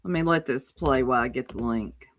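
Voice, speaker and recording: A woman livestream host runs a casual commentary stream, sassy and exclamatory, reading chat aloud and reacting to a clip. Her voice is rumbling low and her pace brisk.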